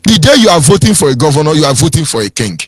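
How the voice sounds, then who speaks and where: A Nigerian man holds forth on a radio broadcast, his voice riding high and lilting as he preaches and mocks. The sound is close and dry, with no room around it. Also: very animated, rapid-fire, breathy edge, no echo, faint music behind. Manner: preachy, sing-song, mocking impressions of others. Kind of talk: impassioned political radio talk.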